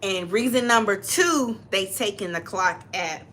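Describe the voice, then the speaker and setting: A woman's voice: medium pitch, measured pace, a bit bright, slight background noise. A woman, co-hosting a casual chat show and reading viewer comments aloud, repeating lines for emphasis. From Atlanta, Georgia, US. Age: 50s. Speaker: co-host, mother.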